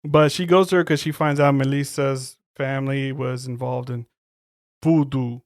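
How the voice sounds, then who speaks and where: A man chats casually on a podcast, recapping a film with plenty of swearing and quick quoted bits. His voice sits in a middle register. The sound is dry and close, with no room around it. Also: mid-range voice, fairly even intonation, no echo. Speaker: podcast co-host. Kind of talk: casual chat.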